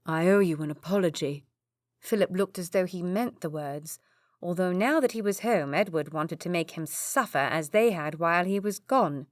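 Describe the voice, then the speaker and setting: A woman reading an audiobook in steady scripted narration. Her voice sits a little low, and the recording is very dry and close. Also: moderate pace, no echo. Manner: steady storytelling.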